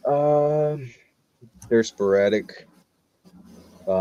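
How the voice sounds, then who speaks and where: Gravelly low-voiced man, lo-fi stream. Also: very animated, moderate pace, no room sound. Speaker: real estate wholesaler making cold calls. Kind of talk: casual livestream chat between calls.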